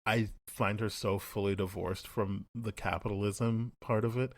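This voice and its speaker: Lower-voiced man, animated podcast chat. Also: dry recording. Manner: animated, acts out characters' lines in quick paraphrase. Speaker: podcast co-host. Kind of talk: casual chat.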